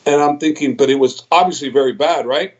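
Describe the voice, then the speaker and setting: A middle-aged man, an MMA trainer, telling a story on a podcast over a video call, animated and quoting his own reactions. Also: on the high side, quick pace. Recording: slightly dull video call audio.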